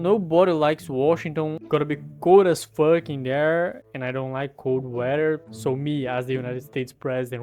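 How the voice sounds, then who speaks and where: A Brazilian man with Portuguese as his first language, giving mock-pompous, crude comedic commentary in a deadpan boasting manner. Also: medium pitch. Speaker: comedy video creator. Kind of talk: comedic commentary while editing a map.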